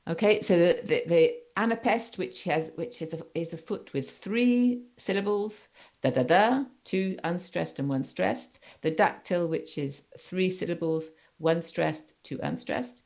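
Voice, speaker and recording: A woman teacher giving a seminar lecture, talking haltingly with many fillers and often checking that students follow. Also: fairly low pitch, a little mellow.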